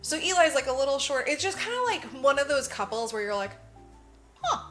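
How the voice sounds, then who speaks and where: A woman podcast co-host retelling a film in loose, casual chat. Her voice is high and bright, broken up by laughs, swearing and quick acted-out lines. Faint music plays in the background. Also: very animated. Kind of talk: casual movie recap chat.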